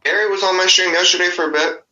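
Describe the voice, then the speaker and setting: A man's voice: high-pitched, steady tone, fast talker, pushed and bright, faint music behind. A man joining a game stream over voice chat, trading playful teasing banter. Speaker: friend on voice chat. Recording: muffled voice-chat audio.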